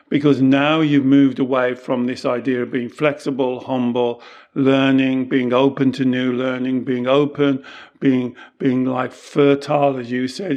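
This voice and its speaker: A man's voice: mid-range voice, darkish tone, highs cut off. A middle-aged man in a casual teaching conversation, explaining patiently and earnestly, often acting out the lines he quotes. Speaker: Taoist teacher and podcast host.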